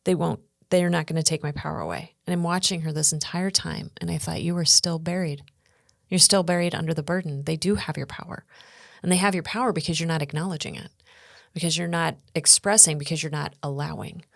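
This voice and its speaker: A middle-aged woman with a lowish voice recounts her experiences in an earnest, animated way, slipping into the voices of people she quotes. The sound is close and dry, with no room around it. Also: fairly quick, gravelly, no echo. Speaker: guest speaker and coach. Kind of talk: podcast interview storytelling.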